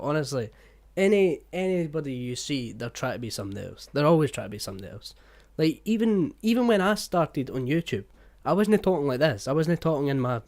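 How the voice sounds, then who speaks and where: A man, a music reaction YouTuber, talking in an excitable, swearing, exclamatory way. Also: on the high side, no echo. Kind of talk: casual reaction commentary.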